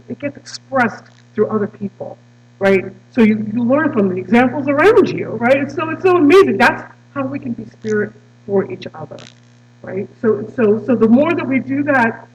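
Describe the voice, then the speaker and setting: A woman guest speaker addressing a congregation, emotional and halting, with many restarts. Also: a little high, darkish tone, dull audio. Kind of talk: personal talk to a congregation. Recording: distant mic with mains hum.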